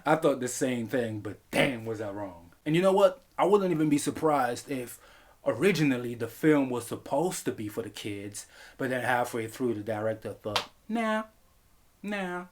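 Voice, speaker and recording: A man reviewing a film in a comedic vlog, animated and profane, laughing often. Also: mid-range voice, moderate pace.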